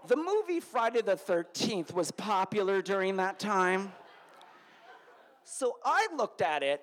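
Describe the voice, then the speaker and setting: A little slow in pace, a man from Connecticut tells a funny personal story live before an audience. His pitch climbs and swoops over a wide range in an animated delivery, soaring up whenever he recounts being flustered.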